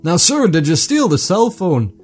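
A man's voice: high-pitched, very animated, moderate pace, slightly rough, soft background music, full character voice. A man voicing an overly polite male Canadian police officer who talks sternly but courteously and calls everyone son.

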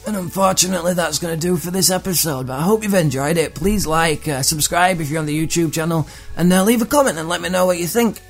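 A man hosts a comedy podcast and riffs on odd news items in an irreverent, profane way. His voice sits fairly high for a man. Faint music plays under him. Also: fast, few pauses. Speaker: podcast host. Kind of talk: comedic monologue reading tweets.

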